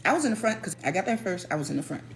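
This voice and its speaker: A woman telling a personal story in a casual, animated way, stressing and repeating her points. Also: lowish voice, racing, faint music behind. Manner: animated, emphatic, repeats key phrases.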